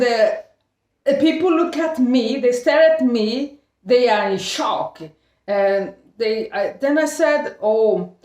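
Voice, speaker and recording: A middle-aged woman from Brazil, Portuguese-speaking by birth, recounts her story in slow, halting English. She often restarts phrases and laughs between them. Her voice sits back from the microphone in a roomy, echoing space. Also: fairly high pitch, a little mellow, distant mic. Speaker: vlogger. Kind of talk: casual storytelling. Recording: echoey room, voice a bit off-mic.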